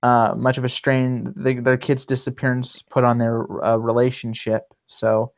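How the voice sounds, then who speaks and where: A man's voice: medium pitch, completely flat delivery, measured pace, creaky. A man hosting a casual livestream, rambling with many fillers and restarts. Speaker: livestream host.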